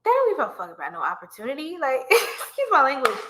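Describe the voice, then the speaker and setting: A woman's voice: high voice, wildly swooping pitch, fast, a bit bright. A woman giving a live-streamed tarot reading, chatty and playful, laughing often and talking to viewers as y'all. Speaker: tarot reader.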